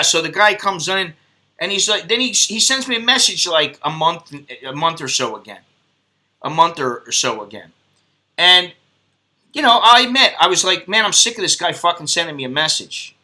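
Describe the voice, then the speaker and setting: Brief: male streamer, blunt and foul-mouthed, rambling chat, bright slightly high voice. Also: very animated, normal speed. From United States. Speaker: live stream host.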